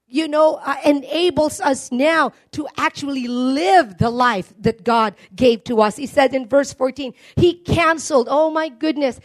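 A woman preaching a sermon, emphatic and calling out to her congregation for responses. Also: sits high.

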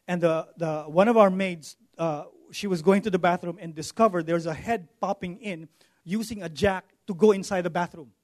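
A man's voice: sits high, moderate pace. A middle-aged Filipino man preaching a sermon in a conversational way, repeating words and often checking in with "okay?". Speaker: pastor. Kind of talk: sermon with personal stories.

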